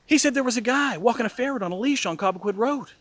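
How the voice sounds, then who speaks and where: A middle-aged man telling a comic personal anecdote in an animated, mock-furious way. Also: extremely high pitch, fast, dry recording. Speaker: storyteller. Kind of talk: casual anecdote storytelling.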